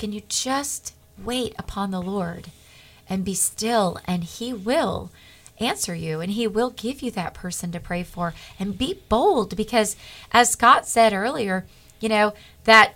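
A middle-aged woman, a guest on a Christian talk show, telling a personal testimony in an earnest, animated way and acting out the dialogue. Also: mid-range voice.

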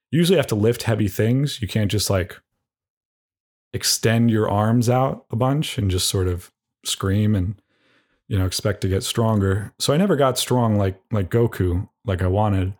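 A young man delivering a rambling, deadpan comedic monologue as a podcast host, tossing in mock insults. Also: on the low side.

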